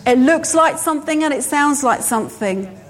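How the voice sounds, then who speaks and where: A woman preaching a sermon to her church, slow and emphatic, driving her points home by repeating phrases. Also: high-pitched, animated.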